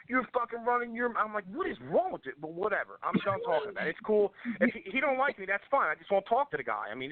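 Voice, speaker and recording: Brief: fairly high-voiced man, aggrieved and stammering, casual talk-show guest, narrow phone-line sound. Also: dry recording. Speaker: podcast guest. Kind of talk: casual chat.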